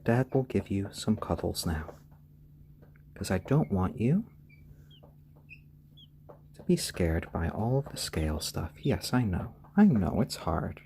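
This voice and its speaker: A man chats on a casual live stream at an unhurried pace. His voice swings widely from low to high as he gently soothes and hushes the little birds. He pauses now and then to thank viewers by name. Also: a little hiss or hum. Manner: gentle, soothing, hushing baby chicks; reads out viewer names and thanks them.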